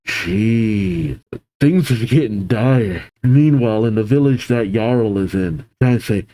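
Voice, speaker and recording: Animated man reacting to manga, dark tone. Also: mid-range voice, slow pace, vocal fry, low-quality recording. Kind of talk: reading manga aloud with reactions.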